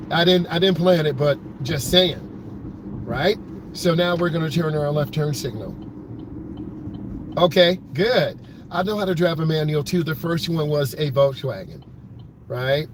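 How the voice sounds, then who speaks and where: Man coaching live from the car. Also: a little high. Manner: talks to live chat while driving, coaching. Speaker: driving instructor. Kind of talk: live-streamed driving commentary. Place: inside a car in city traffic. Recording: clear car and traffic noise. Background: engine and road noise.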